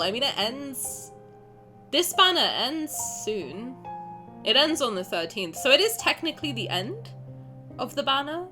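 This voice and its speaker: A woman streamer chatting casually and excitably while reacting to a game, often swearing and gushing. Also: high-pitched. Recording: faint game music underneath. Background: game music.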